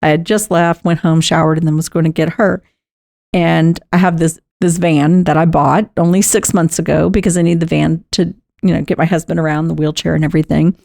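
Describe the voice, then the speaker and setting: A middle-aged woman, telling a personal caregiving story in a chatty, animated way, laughing often. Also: low voice, brisk, gravelly, dry recording, clean studio sound. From Texas. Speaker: podcast host and caregiver.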